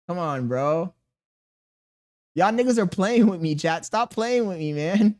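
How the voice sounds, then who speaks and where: A man's voice: sits high, animated, unhurried, darkish tone. A man in his thirties streaming live, reading viewers' chat aloud and answering with crude jokes and laughter. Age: 30s.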